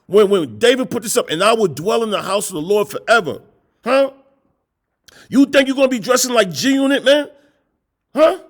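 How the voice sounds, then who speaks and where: A man's voice: sits high, expressive, moderate pace, pauses often. A middle-aged man preaching a confrontational sermon, scolding his listeners with repeated rhetorical questions and blunt, profane language. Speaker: street preacher.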